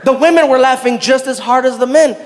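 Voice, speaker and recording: A male stand-up comedian telling a story live on a theater stage, animated, shouting punchlines and laughing along. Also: extremely high pitch, a little fast. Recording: live hall with crowd noise.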